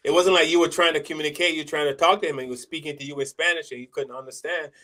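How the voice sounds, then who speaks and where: A man's voice: fairly high pitch, steady tone, racing, bright, forceful tone, rough recording. A man from Barbados co-hosting a casual chat, talking earnestly and often asking whether he is understood. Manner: earnest, reflective, asks for agreement. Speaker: co-host.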